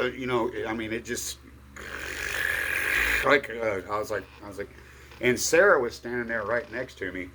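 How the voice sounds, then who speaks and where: A middle-aged man telling a rambling personal story in a halting way, full of fillers and restarts. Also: mid-range voice, a bit bright, a little hiss or hum. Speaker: vlogger.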